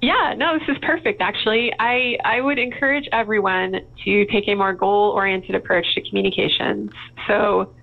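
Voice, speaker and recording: Woman, gravelly voice, candid storyteller, phone-like line. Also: medium pitch, fairly even intonation, normal speed, hardly any pauses. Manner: candid, storytelling, laughs often. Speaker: guest. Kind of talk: casual interview talk.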